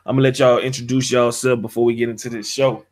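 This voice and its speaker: A man's voice: mid-range voice, flat delivery, fast. Slangy male boxing show host. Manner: loose slangy talk with many "uh"s. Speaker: podcast host. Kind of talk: casual online hangout.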